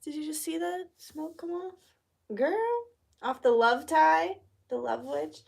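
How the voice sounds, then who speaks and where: A woman's voice: high-pitched, measured pace, creaky. A young woman vlogging casually as she lights candles for a spell, chatty and swearing freely, sometimes dropping to a whisper. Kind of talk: casual chat.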